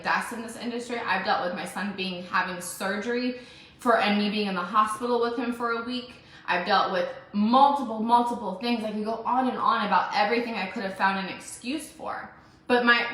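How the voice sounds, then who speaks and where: Bright-voiced woman in an echoey room. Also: mid-range voice. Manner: emphatic, repeats phrases for stress. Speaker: entrepreneur vlogger. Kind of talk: motivational self-recorded vlog. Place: home room with dogs.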